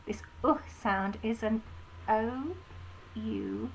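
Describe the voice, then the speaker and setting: A woman with an English accent, an infant school teacher giving a slow phonics lesson to young children, sounding out words clearly. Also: on the high side, expressive, fairly bright tone, a little hiss or hum, rough recording. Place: home, recording a home-learning video.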